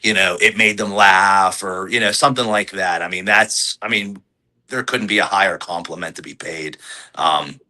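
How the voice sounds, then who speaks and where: Male wrestler, 40s, low bright voice, chatty, filler-heavy, lively when quoting fans. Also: moderate pace, low-quality recording. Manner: rambling, many fillers and restarts. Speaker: pro wrestler guest. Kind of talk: casual podcast interview.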